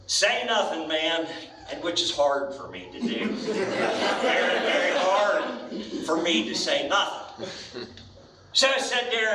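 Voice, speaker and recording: An older man tells a stand-up story in a rambling, stammering way, often circling back and restarting his lines. His voice sits a bit high for a man. The sound comes from some distance in a roomy live venue, with faint ambience behind him. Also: sharp tone, slight background noise. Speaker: stand-up comedian.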